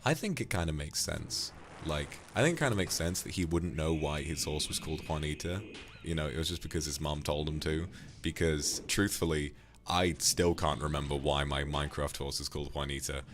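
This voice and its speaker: A man's voice: a bass voice, a little fast, noisy background. A man from the UK, streaming and casually thanking viewers for donations, affectionately calling them darling. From United Kingdom.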